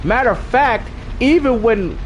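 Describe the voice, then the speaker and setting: Animated, high-voiced man ranting casually. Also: a little slow, muffled recording, a little hiss or hum. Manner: animated, slangy, repeats himself. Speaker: gaming channel host. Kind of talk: casual gaming commentary.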